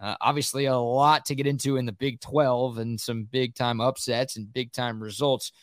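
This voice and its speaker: A man's voice: medium pitch, level tone, moderate pace, dry recording, studio quality. A man co-hosting a sports podcast, giving firm, opinionated takes in casual talk. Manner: opinionated, emphatic.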